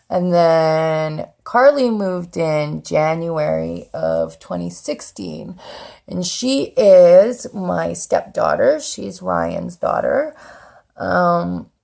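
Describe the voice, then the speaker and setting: A woman in her thirties tells her own story in a candid vlog. Her voice sits low with a gravelly fry, and she speaks bluntly and swears often. She slips into the voices of the people she quotes. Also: a little mellow. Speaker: vlogger telling her life story.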